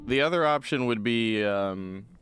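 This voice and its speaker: A man's voice: medium pitch, expressive, unhurried, a bit bright, clean tone, soft background music. A man casually commenting on his gameplay as a streamer, laughing often and making goofy exclamations.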